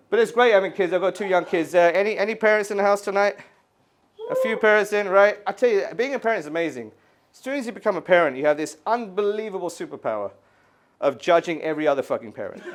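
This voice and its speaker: A man in his thirties from the UK doing an animated stand-up set in a gallery, acting out voices and screaming kids. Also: high-pitched. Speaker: stand-up comedian. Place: art gallery before a live audience. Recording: live room with audience laughter.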